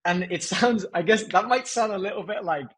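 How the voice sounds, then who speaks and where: Male guest, fairly high husky voice, energetic and casual, filler-heavy. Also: moderate pace, poor audio. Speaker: podcast guest, company founder. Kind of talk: casual interview talk.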